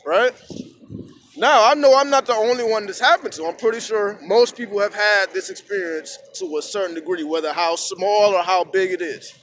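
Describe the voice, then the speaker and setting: A man's voice: sits high, moderate pace, slight background noise. A man talking casually to his phone camera outdoors at sunrise, rambling and swearing as he tells stories. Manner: profane, rambling, animated storytelling. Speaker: vlogger. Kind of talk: casual outdoor vlog monologue. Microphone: phone camera at arm's length.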